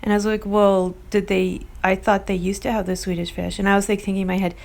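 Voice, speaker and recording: A woman's voice: mid-range voice, little pitch movement, quick pace, creaky, darkish tone. A woman hosting a casual vlog, talking in a rambling, earnest way and getting defensive toward critics. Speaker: video host.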